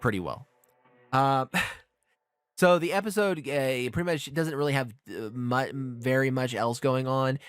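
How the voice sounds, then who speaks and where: Profane, animated male podcast host. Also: medium pitch, measured pace, clean tone, dry recording. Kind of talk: casual podcast chat recapping anime.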